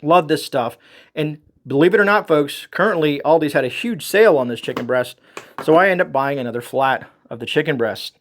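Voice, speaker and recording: A man's voice: a little high, brisk, a little hiss or hum. A man hosting a casual grocery haul video, talking in a folksy, rambling way and calling his viewers folks. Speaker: homestead channel host.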